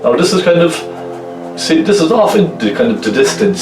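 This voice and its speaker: A man's voice: on the high side, big pitch swings, a little fast, reverberant, distant mic, over music, rough recording. A man with a Cork Irish accent giving a chatty painting lesson, often checking in with the viewer. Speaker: painting instructor. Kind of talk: casual painting tutorial.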